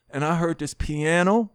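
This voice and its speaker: A middle-aged man with a New York accent tells a story in a casual interview, acting out what other people said. His voice sits a little high for a man, and he swears freely as he talks. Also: smooth. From United States. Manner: animated storyteller who acts out dialogue, swears freely. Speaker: podcast guest, rapper.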